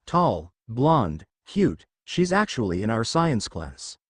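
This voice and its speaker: A man's voice: mid-range voice, very animated, slow pace, slightly rough, dry recording, clean studio sound, exaggerated voice. A man voicing a hesitant, awkward teenage boy in a fan fiction reading. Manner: hesitant, reluctant.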